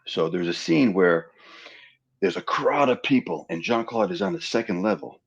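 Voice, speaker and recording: An interview guest with a gravelly, husky, fairly low voice tells stories at a normal speed in a casual interview. He's an animated storyteller who acts out quoted dialogue, and the recording is lo-fi.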